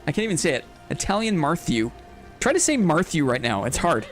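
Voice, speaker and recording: A man's voice: on the high side, wildly swooping pitch, quick pace, soft background music. A man casually commenting while he plays a game on a live stream, chatting playfully with his viewers and reading their messages aloud.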